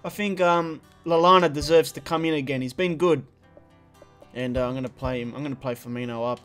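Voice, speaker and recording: A man's voice: fairly high pitch, a little fast, clean tone, soft background music. Frustrated young man playing football game. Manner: animated, frustrated, swings from muttering to shouting. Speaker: gaming video creator. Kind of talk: live football game commentary.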